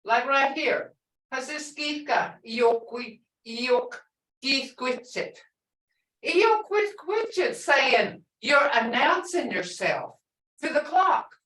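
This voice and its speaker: A woman's voice: high-pitched, animated, slow, a bit bright. A woman language teacher in a classroom lesson, explaining words patiently and repeating phrases. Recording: echoey room, voice from far off.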